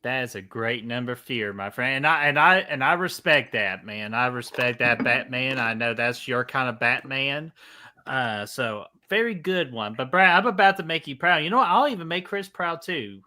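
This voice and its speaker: Excitable guy cohosting a movie podcast, bright forceful voice, jokes and swears a lot. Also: mid-range voice, moderate pace. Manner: excitable, joking, swears freely. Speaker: podcast co-host. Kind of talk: casual chat.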